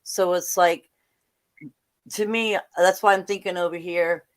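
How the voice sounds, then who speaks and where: A woman's voice: on the low side, steady tone, unhurried. Chatty woman hosting a stream. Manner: chatty, questioning, laughs often. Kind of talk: casual panel chat.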